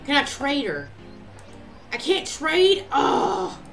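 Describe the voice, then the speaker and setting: A woman playing a video game and commenting in a chatty, excitable way, often talking to the characters. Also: high voice, takes it slowly, faint music behind. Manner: chatty, excitable, talks to her game cat. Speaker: let's play gamer. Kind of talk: let's play commentary.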